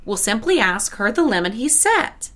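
An actress playing a polished saleswoman in an audio drama, speaking in a smooth, solicitous way. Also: on the high side, big pitch swings, normal speed, fairly bright tone. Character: polished woman, attentive dress shop saleswoman.

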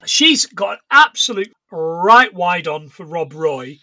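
A man with a high, bright voice, recorded dry and close with no room sound. He co-hosts a podcast in loose, rambling chat, dropping in swear words as he goes through what he has seen. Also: sing-song, slow pace, no room sound. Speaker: podcast co-host. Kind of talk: casual chat.

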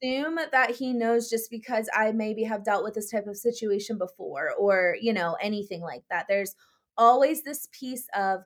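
A young woman co-hosting a podcast, chatting casually. She talks easily and often fills her sentences with little words like "like" and "you know". Her voice sits at an ordinary middle pitch for a woman. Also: normal speed. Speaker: podcast co-host. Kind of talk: casual chat.

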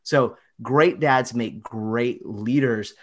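A man's voice: mid-range voice, drawn-out words. Enthusiastic man explaining research. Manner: enthusiastic, self-described nerd, emphatic. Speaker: guest, researcher.

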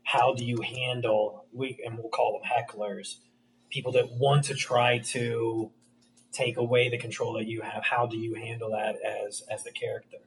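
A man's voice: medium pitch, flat delivery, normal speed. A man hosting a podcast, asking a guest questions in a casual interview. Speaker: podcast host. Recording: distant mic with faint noise.

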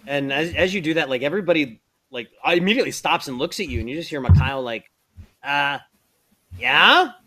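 A man's voice: on the high side, fast, hardly any pauses, a bit bright. A man narrating as game master of a live-streamed tabletop game, talking casually with lots of fillers. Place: streaming setup.

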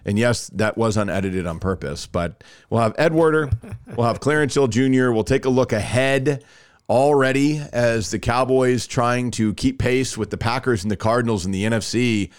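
A man hosting a casual sports talk podcast, telling stories in an animated, self-mocking way. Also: medium pitch, normal speed, clear, resonant tone, dry recording, studio quality. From Alabama, US. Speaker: podcast host.

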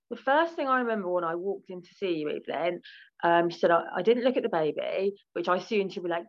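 A woman's voice: fairly low pitch, animated, a little fast, highs cut off. A British woman speaking frankly as an interview guest, with lots of fillers and restarts. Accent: British English. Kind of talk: candid podcast interview.

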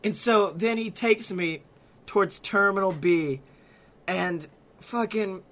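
A young man co-hosts a casual podcast, telling a long story with a bright, clear voice. He swears freely, laughs often and acts out the quotes of the people in his story. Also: high-pitched, takes it slowly. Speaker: podcast co-host.

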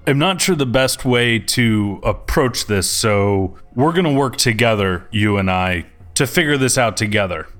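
Low-voiced man thinking aloud. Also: lively intonation, unhurried, a bit bright. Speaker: player. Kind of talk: casual tabletop game play.

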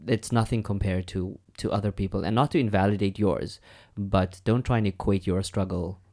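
A young man co-hosting a podcast in a loose, candid chat. His voice sits a little low. He talks with animated frankness, swears freely and breaks into laughter. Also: moderate pace. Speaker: podcast co-host. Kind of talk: casual chat.

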